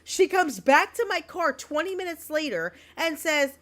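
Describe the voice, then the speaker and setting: Loud-mouthed high-voiced woman cohost, swears a lot, casual chat. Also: animated, normal speed, hardly any pauses. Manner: brash storytelling, heavy swearing. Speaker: podcast co-host.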